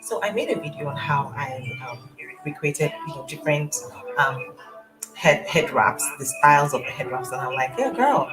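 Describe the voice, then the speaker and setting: A chatty young woman hosts a live stream from home, greeting each viewer by name. Her voice sits low for a woman. A movie and music play in the background. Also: moderate pace, rough recording. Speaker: YouTuber hosting a live stream. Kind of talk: casual live-stream chat. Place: home at night, family watching a movie nearby. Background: movie sound and music.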